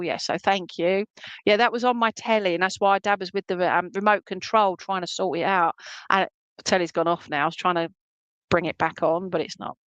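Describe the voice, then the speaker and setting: A woman's voice: medium pitch, a bit bright, no echo, muffled recording. A woman working as a spiritualist medium, giving an online reading at home in a chatty, affectionate way with lots of fillers.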